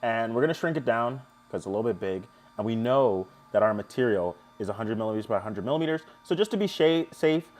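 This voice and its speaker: A young man hosting a live stream, chatting casually and joking with viewers as he walks through a software tutorial. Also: on the low side. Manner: chatty, jokey, talks to chat viewers.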